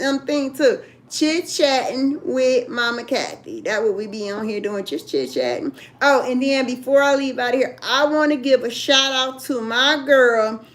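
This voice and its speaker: An older woman hosting a casual live chat from home, chatty and drawn out, laughing often. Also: high voice. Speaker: livestream host.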